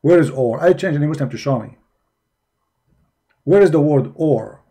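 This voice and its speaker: Mocking man with a dark voice. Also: fairly high pitch, expressive, moderate pace. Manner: mocking, emphatic, repeats rhetorical questions. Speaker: religion critic presenting. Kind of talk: commentary on articles.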